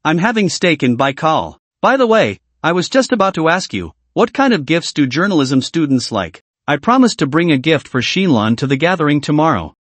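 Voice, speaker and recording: A man's voice: a little high, very animated, brisk, few pauses, a bit bright, dry recording. A man voicing a smug, boastful wealthy man who talks while eating, in a dry, close recording.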